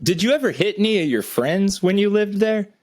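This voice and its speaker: A man's voice: sits high, expressive, brisk. Laughing, profane storyteller man. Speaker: podcast co-host. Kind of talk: casual storytelling chat.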